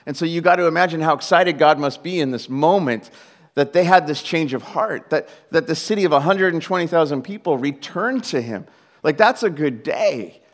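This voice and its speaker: Animated, joking male preacher. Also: fairly high pitch. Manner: animated, jokey, conversational preaching. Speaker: pastor. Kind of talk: sermon.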